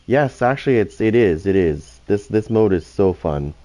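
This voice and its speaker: A man's voice: fairly low pitch, animated, normal speed, dark tone. A man hosting a gaming channel, talking casually and profanely over his gameplay, often restarting his sentences.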